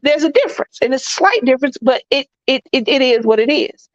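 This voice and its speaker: A woman's voice: high-pitched, expressive, fast talker, dry recording, dull audio. A woman with a Southern accent co-hosting a casual live stream, talking bluntly and emphatically, often repeating herself. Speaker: co-host.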